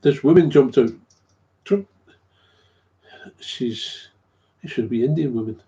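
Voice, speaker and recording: This dull lo-fi recording captures a man with a medium-pitched, dark voice speaking slowly. A recovering alcoholic, he shares his story in a casual, rambling monologue, often repeating himself and chuckling.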